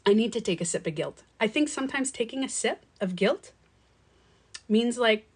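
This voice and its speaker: A middle-aged woman coach talking casually to her viewers, telling a story with swearing, laughter and lively acted-out quotes. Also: a little high, moderate pace, husky. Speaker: life coach and author. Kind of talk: casual live-stream monologue.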